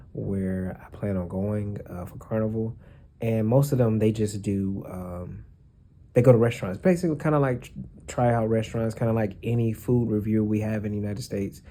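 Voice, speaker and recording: Guy vlogging, kinda low mellow voice, rambly and easygoing, bit of faint background noise. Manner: relaxed, rambling, thinking aloud with fillers. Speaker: flight attendant vlogger. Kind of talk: casual vlog chat.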